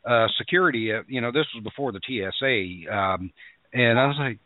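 A man co-hosting a radio talk show, telling a relaxed chuckling anecdote. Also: medium pitch, fairly quick, dry recording. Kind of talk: casual chat on talk radio. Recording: dry tinny phone-like line.

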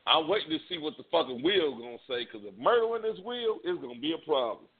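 A man's voice: a little high, expressive, quick pace, husky. A man co-hosting a casual comedy radio chat, telling stories and acting out voices. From Indianapolis. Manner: storytelling, acts out voices in quotes. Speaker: co-host. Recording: lo-fi phone-like radio sound.

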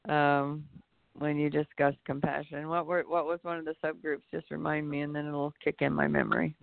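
A man's voice: fairly high pitch, little pitch movement, normal speed, vocal fry, no room sound. A man co-hosting a reflective spiritual talk show, rambling and searching for his words. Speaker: podcast co-host. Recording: tinny phone-line sound.

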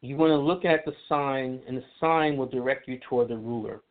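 A man's voice: mid-range voice, brisk. A man explaining astrology in casual radio talk, chatty, with many fillers and restarts. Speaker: astrology guest. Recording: tinny phone line.

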